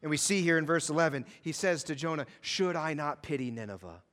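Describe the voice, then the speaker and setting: Man, pastor, preaching a sermon, impassioned, slightly high voice. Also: lively intonation, fairly quick, in a large hall. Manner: impassioned, rising to intense fervor; drops to hushed, reflective tone.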